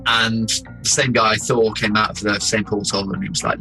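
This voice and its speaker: Lively English man telling a story. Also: on the low side, faint music behind, rough recording. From England. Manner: animated, laughing, doing quick impressions of people. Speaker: explorer telling his story. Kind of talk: casual storytelling.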